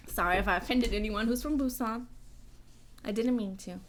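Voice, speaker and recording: An American woman hosting a casual live-stream Q&A, chatty and animated, jumping from loud exclamations to whispered asides. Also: mid-range voice, a little fast. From United States.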